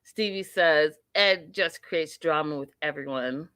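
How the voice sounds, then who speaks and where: A woman hosting a live TV recap stream, giving blunt opinions and reading viewer comments aloud in a casual, animated way. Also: deep voice, a little slow, clear, resonant tone, no echo. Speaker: host of a live TV recap show.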